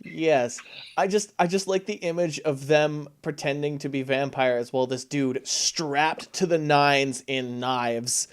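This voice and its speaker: A man taking part in a tabletop game, talking casually and eagerly about his next move. His voice sits a little higher than average. He comes across as laid-back and keen. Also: fairly even intonation, unhurried, clear, resonant tone. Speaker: player.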